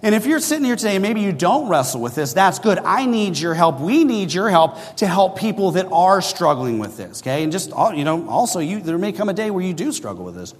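A man's voice: high voice, big pitch swings, fairly quick, few pauses. A middle-aged man preaching a sermon, telling a personal story in a conversational way and often checking in with the listeners. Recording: long hall reverb.

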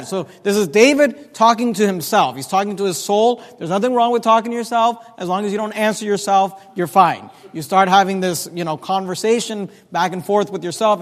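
High-voiced preaching man, echoing hall. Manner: preaching, drawn-out emphatic quoting of scripture. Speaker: pastor. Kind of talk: sermon. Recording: long reverb of a large hall.

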